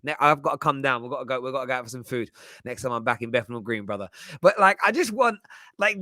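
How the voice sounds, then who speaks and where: A man's voice: medium pitch, expressive, fast, pushed and bright, dry recording, studio quality. A man hosting football fan commentary, talking in a passionate, emphatic way. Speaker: football channel host.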